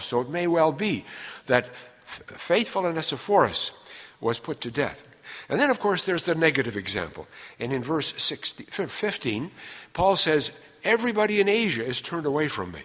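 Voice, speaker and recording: Man teaching scripture, fairly high, animated voice, long hall reverb. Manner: earnest, explanatory, stresses key words. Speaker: Bible teacher. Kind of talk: expository Bible teaching.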